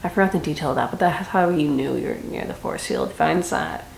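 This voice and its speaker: A woman's voice: deep voice, quick pace, gravelly. A young woman giving a casual, chatty book review with dramatic reactions and rambling asides. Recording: echoey room with faint noise.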